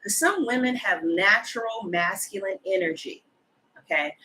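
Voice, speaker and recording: Chatty blunt woman with a bright voice. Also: medium pitch, normal speed, poor audio. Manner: chatty, gossipy and blunt, with slang and swearing. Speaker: tarot reader. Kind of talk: casual chat to camera.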